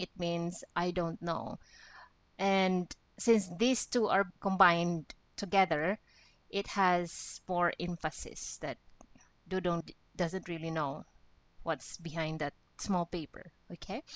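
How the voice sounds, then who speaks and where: Slow, patient woman teaching a language. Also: fairly low pitch, dry recording. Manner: patient, repeats each word several times; addresses viewers as friends. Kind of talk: explaining a short dialogue.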